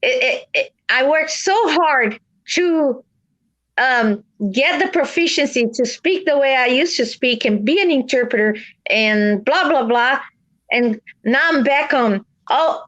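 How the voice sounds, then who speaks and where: A woman's voice: high-pitched, a little slow, muffled recording. A woman from America, hosting a casual live chat and telling stories earnestly with many restarts. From South America. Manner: earnest, animated storytelling with restarts. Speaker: livestream host.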